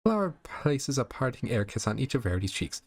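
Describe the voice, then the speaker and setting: A man's voice: medium pitch, sing-song, a little fast, gravelly, no room sound. A man reading a text adventure aloud, slipping into chuckling offhand asides. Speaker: storyteller running a text adventure. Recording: faint background music.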